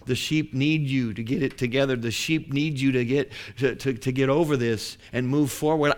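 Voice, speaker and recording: A man's voice: mid-range voice, fairly even intonation, moderate pace, hardly any pauses. A man preaching a sermon as pastor, building to emphatic declarations.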